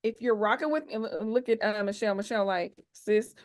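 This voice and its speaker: A woman's voice: mid-range voice, quick pace. A woman in her forties hosting an online expo over a video call. She speaks in a playful, chatty, slangy way and hypes up her audience.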